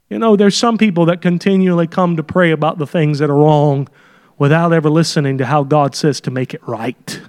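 A man's voice: a little high, brisk, a little mellow. A man preaching a sermon with fervor, sometimes dropping into folksy asides. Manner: fervent, acts out quoted prayers.

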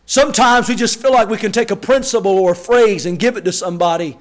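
High-voiced man preaching a lively sermon. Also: quick pace, hardly any pauses. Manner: animated preaching with acted quotes and shouted emphasis. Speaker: pastor.

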